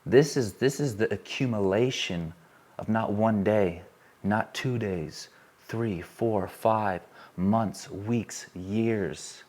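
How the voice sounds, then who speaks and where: A man giving an earnest, emotional talk to a live audience from a stage, repeating phrases as he builds intensity and then softens. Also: fairly low pitch, slow. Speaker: workshop speaker.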